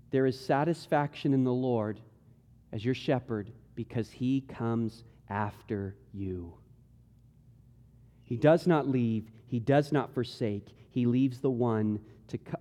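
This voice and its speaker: A middle-aged man preaching a sermon, swinging between intense emphasis and hushed, quiet passages. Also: medium pitch, unhurried. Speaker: pastor. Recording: long reverb of a large hall.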